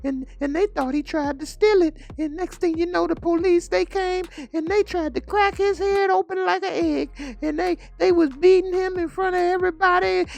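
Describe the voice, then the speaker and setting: A man putting on a frightened young woman's falsetto. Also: fairly even intonation, vocal fry. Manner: high falsetto, rushed and stammering.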